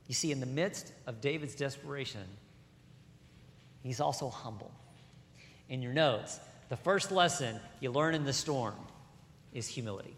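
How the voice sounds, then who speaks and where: Bright-voiced pastor preaching in a hall. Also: male voice, on the high side, a little hiss or hum. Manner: animated, quick shifts between soft asides and emphatic lines. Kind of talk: sermon. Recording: hall reverb.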